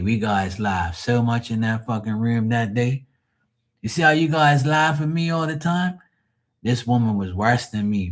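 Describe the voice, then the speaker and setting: A man hosting a late-night live tarot stream, telling stories in a rambling, profane way and laughing at them. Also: fairly low pitch. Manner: laughs often at his own stories. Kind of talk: late-night livestream storytelling.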